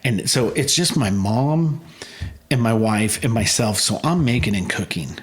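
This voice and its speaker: A man in his forties telling lively stories as a guest in a casual interview, acting out the voices of people in them. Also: lowish voice, measured pace. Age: 40s. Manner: animated storyteller, acts out quoted voices. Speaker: guest, food truck owner.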